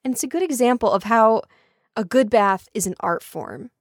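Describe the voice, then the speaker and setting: Animated young woman, dry close sound. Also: fairly high pitch, moderate pace, no room sound. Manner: animated storyteller, self-deprecating. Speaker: podcast co-host. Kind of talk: casual chat reviewing products.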